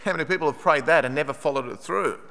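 High, bright-voiced male preacher in a hall. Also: fast talker. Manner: earnest, animated retelling, raising his voice for quoted pleas. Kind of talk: sermon storytelling.

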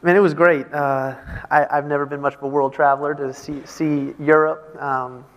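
A young man from Texas with a Southern American accent, a guest answering interview questions in a friendly, relaxed way. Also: a little high, normal speed. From Houston, Texas. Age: young adult. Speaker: guest basketball player. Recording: long hall reverb.

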